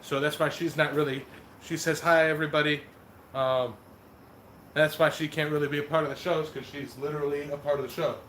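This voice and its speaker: A man forging metal as he chats casually with a livestream audience and greets viewers by name in a relaxed, talkative way. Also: fairly high pitch, a little fast, far from the mic. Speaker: blacksmith streamer. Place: metal forge workshop. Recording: echoey workshop from off-mic with loud forge noise.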